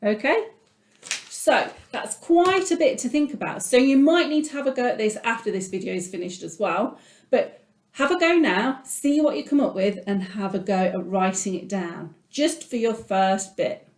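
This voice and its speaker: A woman's voice: fairly high pitch, expressive, moderate pace. Encouraging woman teaching music in an echoey room. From England. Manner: encouraging, patient, talks through her drawing. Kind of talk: online music lesson for children.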